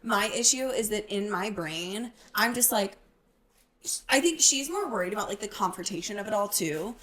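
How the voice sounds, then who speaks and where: A woman's voice: medium pitch, animated, fairly bright tone. Young woman hosting a chatty podcast. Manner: chatty, storytelling, quick to laugh. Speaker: podcast host. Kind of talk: casual chat. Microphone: podcast mic.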